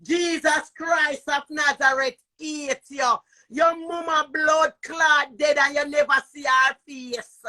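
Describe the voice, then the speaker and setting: A middle-aged woman with a Jamaican accent, ranting on a live stream, cursing, shouting and repeating taunts. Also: sits high, fairly even intonation, slow. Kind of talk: heated live-stream rant. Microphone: phone.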